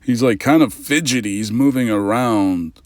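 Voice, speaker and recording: A man's voice: mid-range voice, moderate pace, dry recording, clean studio sound. A man hosting a reaction channel, giving casual commentary that is skeptical and ranting and that keeps repeating its points.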